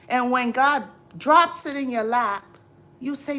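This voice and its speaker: A woman's voice: high voice, slow, a bit bright. Exasperated, preachy woman on a livestream. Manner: preachy, exasperated, repeats herself. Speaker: livestream host. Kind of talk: casual live chat, advice to viewers.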